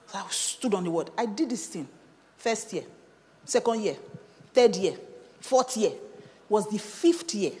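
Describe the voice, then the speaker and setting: A Nigerian woman pastor preaching a sermon and telling her own story, animated, slipping into pidgin and rising to shouts. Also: medium pitch, in a large hall. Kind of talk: sermon with personal testimony.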